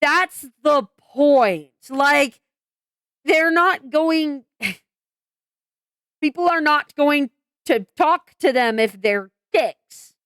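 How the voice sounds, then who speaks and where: A woman's voice: high voice, lively intonation, very slow, long pauses, a bit bright, no echo. Woman, vlog vent, exasperated, swears, lots of ums, dry close mic. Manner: frank and exasperated, swears, many fillers and restarts. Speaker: vlogger. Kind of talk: venting commentary vlog.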